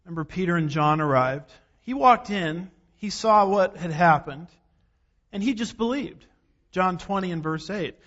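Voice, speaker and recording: Man, preaching in an emphatic, folksy way; high voice, long reverb in a big hall, dull sound. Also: animated, moderate pace, fairly bright tone. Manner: emphatic, rhetorical questions, folksy asides. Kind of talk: sermon.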